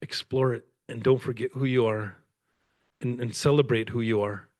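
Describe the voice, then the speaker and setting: A male guest speaker from Canada tells stories conversationally at a lecture event with an audience, rambling loosely, animated and laughing often. His voice is medium-pitched and moderately paced, and the recording is dry and close.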